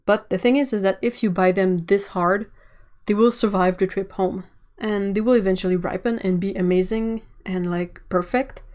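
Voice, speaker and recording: A woman's voice: mid-range voice, steady tone, moderate pace, a little mellow. A woman from Canada, chatting casually and rambling while she draws on a livestream, laughing often. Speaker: artist livestreamer. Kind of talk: casual chat while drawing on stream.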